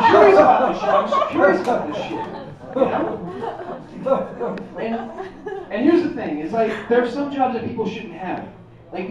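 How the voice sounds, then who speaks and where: Texas guy doing stand-up in a bar, high lively voice, far off echoey mic, crowd noise. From Texas, USA. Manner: animated, conversational, frequent asides to the crowd. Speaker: stand-up comedian. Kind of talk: stand-up comedy set. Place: comedy night in a pub. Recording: echoey distant muffled pub recording, crowd.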